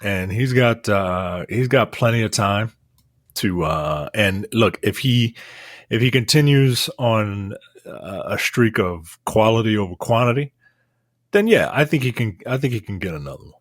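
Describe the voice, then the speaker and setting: A man's voice: on the low side, lively intonation, measured pace, dry recording, studio quality. A man co-hosting a podcast, chatting casually about movies, half joking, with many restarts. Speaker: podcast co-host.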